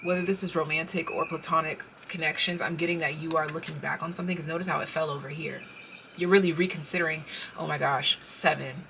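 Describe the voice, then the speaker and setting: A woman giving a casual pick-a-card tarot reading. She speaks straight to the viewer, gets excited, and interrupts herself as she pulls cards. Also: low voice, fast talker, creaky, a little hiss or hum.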